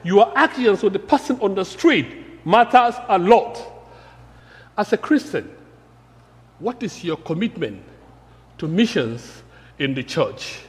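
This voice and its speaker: Man from africa, sermon, high-pitched, emphatic repetition, church hall reverb. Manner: earnest, emphatic, repeating key phrases. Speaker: preacher.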